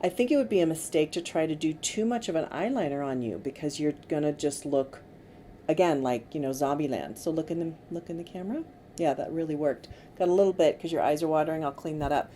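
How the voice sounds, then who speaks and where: A middle-aged woman working as a makeup artist, giving gentle, coaxing instructions to a client during a tutorial. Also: low-pitched, quick pace. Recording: faint background noise.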